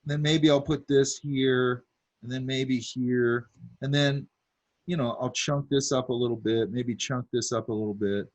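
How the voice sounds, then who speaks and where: Sketching as he teaches a drawing class, this male art instructor chats casually, full of fillers and side remarks. He speaks unhurriedly at a medium pitch with fairly even intonation.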